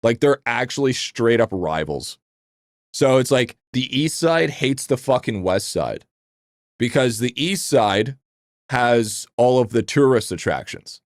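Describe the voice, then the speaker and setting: A man hosting a live game stream, chatting casually with his chat in a rambling, profane, excitable way. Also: mid-range voice, measured pace, no echo, clean studio sound.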